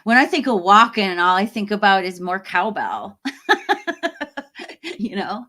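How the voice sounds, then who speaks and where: A woman's voice: mid-range voice, expressive, slow, pushed and bright. A middle-aged woman chatting casually on a live stream, reading viewer comments, laughing often and trailing off mid-sentence. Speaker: horror YouTuber hosting a live stream.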